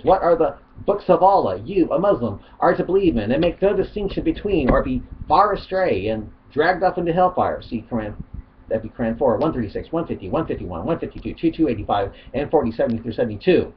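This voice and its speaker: A man's voice: mid-range voice, sing-song, fairly quick, a little hiss or hum. A man hosting his channel, reading chat posts aloud and commenting in a rambling, chatty way on a dull lo-fi recording. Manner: rambling, self-interrupting, chatty. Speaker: channel host.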